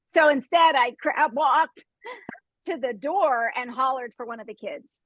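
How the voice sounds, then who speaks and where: A woman hosting a group talk, telling an animated story, laughing often and acting out the sounds. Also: high voice, measured pace, no echo, poor audio. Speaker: host.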